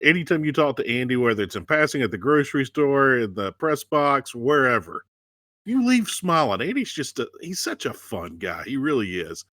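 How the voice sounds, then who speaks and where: A man's voice: mid-range voice, very animated, normal speed, a bit bright, no echo. A man co-hosting a casual sports talk show, speaking in a laid-back, joking way. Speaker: co-host.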